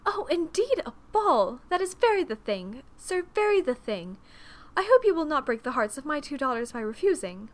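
A woman voicing a fussy, overbearing middle-aged mother who gushes loudly in a storybook reading. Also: very animated, moderate pace. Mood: shrill excited. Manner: shrill, effusive, overbearing.

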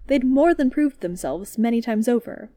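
A woman reading a story aloud as narrator, in a calm, steady manner. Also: a little high, moderate pace, no echo.

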